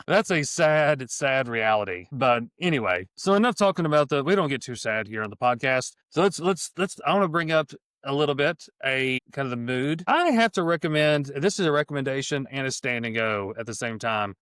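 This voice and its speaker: Casting: middle-aged male podcast host, smooth clear voice, eager, rambling delivery, dry close mic. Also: mid-range voice, lively intonation, brisk, few pauses, fairly bright tone, no room sound. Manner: enthusiastic, rambling with restarts. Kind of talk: casual sports podcast chat.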